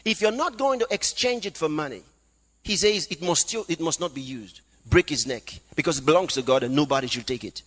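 High, lively preacher man in echoing hall. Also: a little fast. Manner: fervent, exclaims praise between points. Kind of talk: sermon. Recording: long reverb of a hall.

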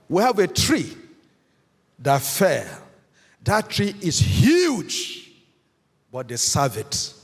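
This pastor's voice sits on the high side, husky and sing-song, and moves at a slow pace. He preaches emphatically, repeats key phrases, and draws the congregation in with call-and-response questions, all in an echoey hall with long reverb.

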